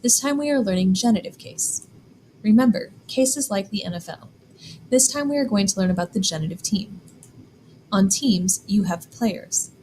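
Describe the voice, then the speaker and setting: Woman, German teacher, clear and deliberate, mid-pitched voice, faint background noise. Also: expressive, warm tone, low-quality recording. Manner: clear, deliberate, spells out examples slowly. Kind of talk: scripted classroom explanation.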